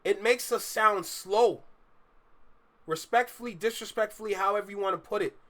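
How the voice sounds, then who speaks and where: A man's voice: high-pitched, moderate pace, fairly bright tone. A man with a Toronto accent, hosting a reaction video and giving emphatic, opinionated commentary that repeats its points. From Canada. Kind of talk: casual commentary over a clip.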